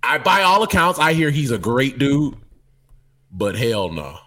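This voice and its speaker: A man's voice: mid-range voice, a little slow. A man co-hosting a sports podcast, chatting casually and enthusiastically about basketball. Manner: animated, enthusiastic. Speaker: podcast co-host.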